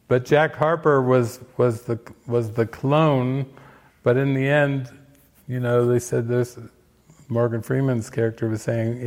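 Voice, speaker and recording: An older man giving spiritual commentary on a film, unhurried and reflective, with frequent fillers and restarts. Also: mid-range voice, steady tone, a little mellow.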